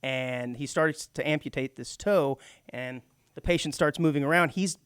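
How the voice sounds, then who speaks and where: A man's voice: a little high, normal speed, fairly bright tone, clear, resonant tone, no room sound, studio quality. A middle-aged man co-hosting a radio show, chatting casually and laughing often. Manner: chatty, laughs often, slips into mock British voices. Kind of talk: casual talk radio banter. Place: radio studio.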